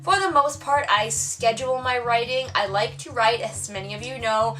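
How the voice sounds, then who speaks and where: A woman's voice: fairly high pitch, normal speed, bright, forceful tone, recorded from a distance, faint music behind. A woman author chatting casually through tag questions on her vlog, playful and self-mocking. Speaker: author vlogger.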